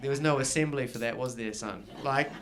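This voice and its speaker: A man's voice: mid-range voice, a little fast, a bit bright, some chatter behind, a little hiss or hum. A middle-aged man with a New Zealand accent performing a live stand-up set, telling stories and acting out both sides of the dialogues. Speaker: stand-up comedian. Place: small garage gig before a live audience.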